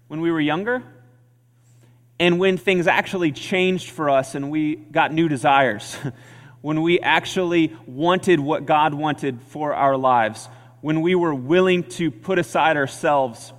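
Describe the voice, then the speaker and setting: Pastor, man, conversational earnest sermon delivery, bit higher voice, long church reverb. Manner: earnest, conversational preaching with repeated phrases.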